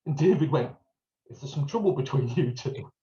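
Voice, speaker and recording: A man's voice: mid-range voice, animated, normal speed, dark tone, muffled recording. A man with a North East English accent, co-hosting a podcast and telling jokey stories. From North East England. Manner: storytelling, jokey, acts out greetings in a raised voice. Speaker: podcast co-host. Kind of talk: casual chat.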